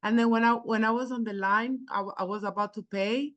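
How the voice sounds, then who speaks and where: A real estate agent, a woman who is not a native English speaker, telling a story to a class in an animated way, acting out dialogue and often restarting her sentences. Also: on the high side, fairly quick, lo-fi sound.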